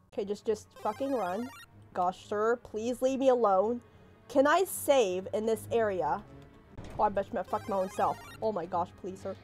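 A young woman playing a horror game, panicking, swearing and yelping as something chases her, then talking herself calm. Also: mid-range voice, moderate pace. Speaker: gaming streamer. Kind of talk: let's play commentary. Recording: faint game music behind.

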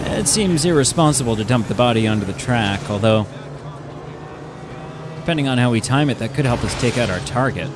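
Lively young man joking through a game. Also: medium pitch, brisk, background noise. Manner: jokey, talks to himself while playing. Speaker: gaming YouTuber. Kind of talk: casual let's play commentary.

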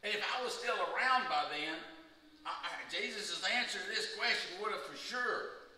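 A middle-aged male preacher with a somewhat high voice delivers a conversational sermon, pressing the men of the church with rhetorical questions. He is picked up from well back in a strongly echoing sanctuary. Constant background noise sits under his words. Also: lively intonation, normal speed, bright, forceful tone. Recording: echoey hall from far off, audible noise.

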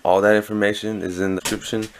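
A man's voice: lowish voice, flat delivery, fast talker, slight background noise. A young man, casually vlogging, joking and teasing, swearing freely. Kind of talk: casual vlog chat.

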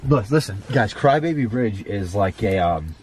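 Male vlogger, low-ish voice, nervous outdoor chat, noisy camera audio. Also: animated, normal speed. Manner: nervous, swearing, hushed then loud. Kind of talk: casual chat. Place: outdoors at night by a bridge.

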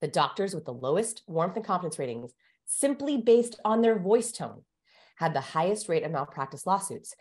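Low-voiced woman explaining with energy. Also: normal speed. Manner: animated, teacherly, shifts pace for emphasis. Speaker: guest expert on communication. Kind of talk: explanatory interview talk.

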